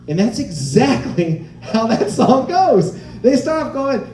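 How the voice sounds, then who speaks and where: Animated man doing stand-up. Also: very high voice, normal speed, echoey room, far from the mic. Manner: animated storytelling, acting out voices of others. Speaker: stand-up comedian. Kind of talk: stand-up comedy set.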